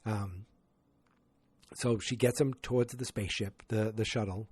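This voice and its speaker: Low mellow man recapping a movie. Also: steady tone, unhurried, breathy edge, no echo. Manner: rambling retelling with acted-out quotes. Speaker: podcast host.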